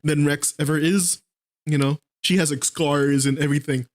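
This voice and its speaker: A man's voice: on the high side, steady tone, moderate pace. A man narrating as game master of a tabletop game, laughing often as he talks.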